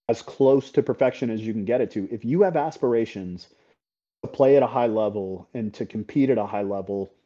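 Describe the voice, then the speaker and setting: A middle-aged paintball coach talking as a podcast guest, candid and blunt, swearing freely and often checking in with "right?". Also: male voice, mid-range voice, dark tone. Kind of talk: casual interview talk. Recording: slightly dull podcast audio.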